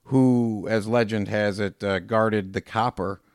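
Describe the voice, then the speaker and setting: Man, podcast co-host, low voice, easygoing asides, close dry sound. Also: steady tone, slow, clear, resonant tone, no echo. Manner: easygoing, chips in with asides and jokes. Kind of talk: casual chat.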